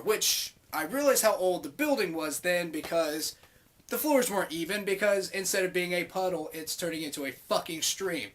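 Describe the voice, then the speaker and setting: A young man in his twenties telling a story casually to camera, swearing freely and acting out people's lines loudly. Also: high voice, normal speed. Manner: profane, animated, acts out quoted voices loudly. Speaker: vlogger.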